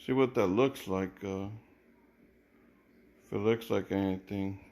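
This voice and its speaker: A man's voice: low voice, measured pace, a little mellow. A man casually reviewing sneakers, thinking aloud with many repeated words and restarts. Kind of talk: casual unboxing commentary.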